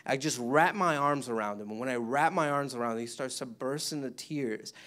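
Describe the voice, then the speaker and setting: A man's voice: medium pitch, a little fast, fairly bright tone. A man giving a rambling testimony at a church service, laughing often and restarting his sentences. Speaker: mission trip member giving testimony.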